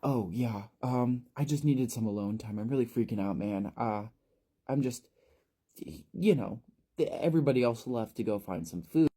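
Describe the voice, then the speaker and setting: A man's voice: mid-range voice, lively intonation, moderate pace, dark tone, breathy edge. A man voicing a panicky, irritable teenage boy who stammers and snaps, in a storytelling recap. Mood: agitated. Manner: agitated, jittery, stammering.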